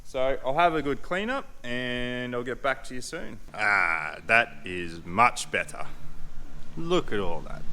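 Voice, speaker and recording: Aussie dude rambling about his car build, jokey and chill, bright tone, bit of background hum. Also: medium pitch, lively intonation, unhurried. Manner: laid-back, jokey, chatty. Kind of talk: casual workshop vlog.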